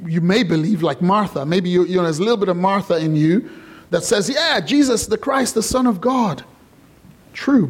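Man, pastor, sermon, high voice, animated, conversational, playful.

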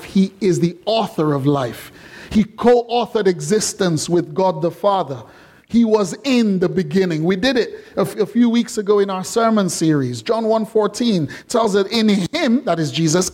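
A man preaching a sermon in a lively, conversational and playful way. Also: high voice, normal speed. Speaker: pastor.

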